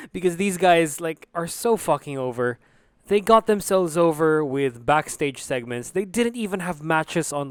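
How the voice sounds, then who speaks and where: A young man with a slightly high, smooth, resonant voice, recorded close and dry. He rattles through a casual recap, swearing freely and peppering it with "like". The tone is loose and joking. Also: no echo. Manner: profane, filler-heavy, joking. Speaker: wrestling show reviewer.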